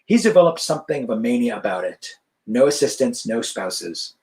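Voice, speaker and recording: A man's voice: mid-range voice, sing-song, moderate pace, darkish tone. Dry, formal society man, read by a male author. Clipped delivery. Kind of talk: author reading his fiction aloud.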